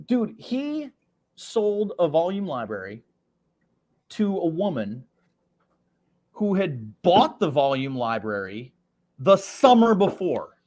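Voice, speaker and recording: A man appearing as a podcast guest, telling an anecdote in an excited, laughing way and acting out the voices of the people in it. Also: fairly high pitch, takes it slowly, pauses often. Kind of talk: animated anecdote storytelling.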